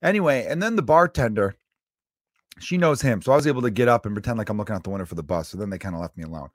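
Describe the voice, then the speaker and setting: A podcast host in his thirties rambles through a story, swearing freely and poking fun at himself. His voice sits on the low side. The sound is dry and close, with no room echo. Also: animated, very fast. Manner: profane, rambling, self-mocking. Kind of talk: casual comedic monologue.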